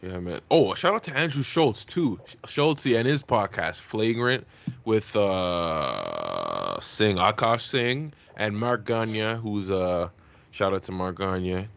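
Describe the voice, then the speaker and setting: A man co-hosting a podcast in casual chat, full of slang and eager shout-outs. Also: on the low side, very animated, takes it slowly, creaky. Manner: enthusiastic, gives shout-outs, uses slang. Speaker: podcast co-host.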